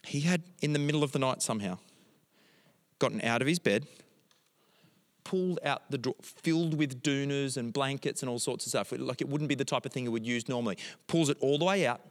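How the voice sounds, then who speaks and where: A man's voice: medium pitch, fairly quick, long reverb tail. A middle-aged man, a pastor telling a family story in a sermon and moving into emphatic prayer.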